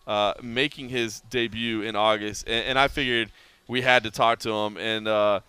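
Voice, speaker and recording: Podcast host, male; quick, crisp, bright delivery, lively storyteller who acts out quotes. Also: fairly low pitch, no room sound. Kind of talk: casual podcast chat.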